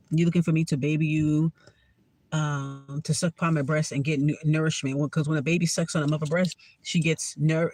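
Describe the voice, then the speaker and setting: A woman's voice: low-pitched, a little mellow, no echo. A woman tarot reader telling a story in a casual vlog, talking bluntly, sarcastically and with plenty of swearing.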